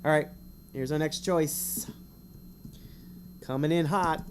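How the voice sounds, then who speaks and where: A man's voice: on the high side, fairly even intonation, a little mellow, slight background noise. A man streaming, reading a gamebook aloud in a casual way, with rambling, self-mocking asides between passages. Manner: chatty, rambling asides, quick to laugh at himself.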